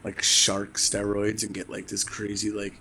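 A man's voice: fairly low pitch, monotone, unhurried, bright, forceful tone, a little hiss or hum. A man in his thirties co-hosting a podcast in casual chat, rambling and laughing often as he tells stories. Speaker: podcast co-host.

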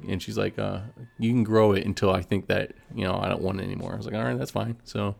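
A man's voice: on the low side, fairly even intonation, fast, gravelly, darkish tone, slightly rough, soft background music. A man co-hosting a podcast in casual chat, easygoing and a bit hesitant, chuckling now and then. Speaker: podcast co-host.

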